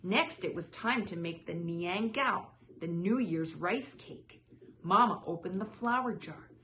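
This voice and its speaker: A woman reading a children's picture book aloud in a soft, measured way. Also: on the low side, slight background noise. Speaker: storyteller.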